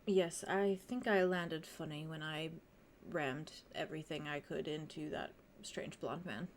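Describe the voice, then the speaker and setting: A woman voicing a weary winged stone creature, low and murmuring. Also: fast talker, gravelly, a little hiss or hum. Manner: low, murmured under the breath.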